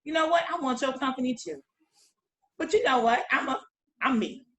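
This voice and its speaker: A woman guest in casual chat, telling a lively story, acting out quotes and laughing often. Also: sits high, normal speed, echoey room, rough recording.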